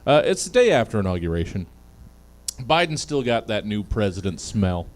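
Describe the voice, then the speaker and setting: A man's voice: lowish voice, very animated, moderate pace. A man hosting a comedy panel show, joking loosely and laughing often.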